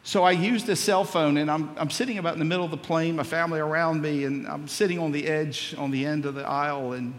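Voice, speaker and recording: A man's voice: on the high side, fairly even intonation, quick pace, hardly any pauses, a little hiss or hum. A male pastor preaching a sermon, telling a story and acting out the dialogue before building to emphatic preaching. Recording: long hall reverb.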